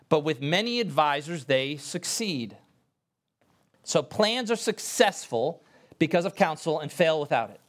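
A male pastor preaching a sermon in an earnest, emphatic way, talking straight to his congregation and lifting his voice for stress. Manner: earnest, emphatic preaching with sudden rises in pitch and pace; addresses the congregation directly and conversationally.

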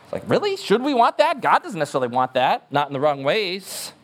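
A man's voice: fairly high pitch, huge pitch swings, brisk, a bit bright. A man preaching a sermon as pastor, emphatic and earnest, repeating words for stress.

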